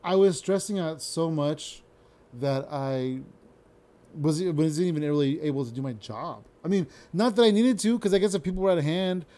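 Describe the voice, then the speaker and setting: Hosting a podcast, a young man with a fairly high but dark-toned voice tells a meandering story, cutting himself off often and dropping casual curses.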